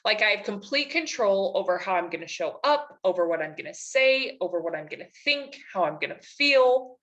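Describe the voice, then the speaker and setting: A woman coaches her audience through a live webinar from home, her voice at an ordinary middle pitch. She sounds enthusiastic and encouraging, and her talk is casual and chatty, full of "like" and "right?". It is picked up by a computer mic. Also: lively intonation, normal speed, fairly bright tone, dull audio. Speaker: life coach.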